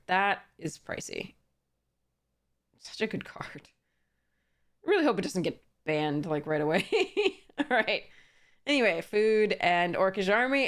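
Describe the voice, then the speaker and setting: A young woman chatting casually as she opens card packs, reading card text aloud with frequent fillers and small laughs. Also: on the low side. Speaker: card game YouTuber. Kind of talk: casual pack-opening commentary.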